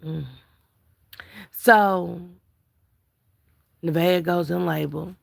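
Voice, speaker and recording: A woman's voice: fairly low pitch, fairly even intonation, very slow, gravelly. A tired woman hosting a casual live stream, chatting about celebrity gossip and greeting viewers in chat. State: tired, yawning. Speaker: livestream commentator.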